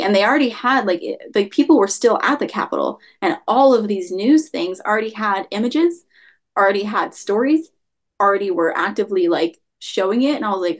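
A young woman talks casually as an interview guest, her voice sitting at an ordinary middle pitch. She rambles through her account and fills nearly every pause with "like.". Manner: rambling, heavy use of "like" fillers. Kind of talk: casual storytelling.

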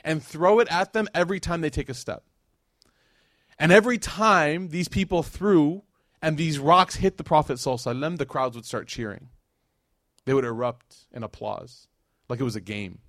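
A man giving a religious lecture as a casual, animated story, with slangy asides to the audience. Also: on the high side, moderate pace, no room sound, studio quality. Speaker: Islamic lecturer.

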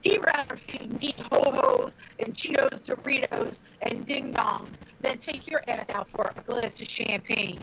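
A woman's voice: a little high, measured pace, hardly any pauses, lo-fi sound, a little hiss or hum. An older woman telling brash, profane stories as a guest on a video call interview. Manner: brash, foul-mouthed, animated. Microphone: laptop mic on a video call.

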